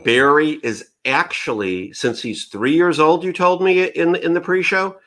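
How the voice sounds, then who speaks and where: Bright-voiced man hosting a live show. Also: on the high side, a little slow, a little hiss or hum. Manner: chatty, upbeat, greets viewers by name. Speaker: livestream show host. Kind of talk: casual live interview.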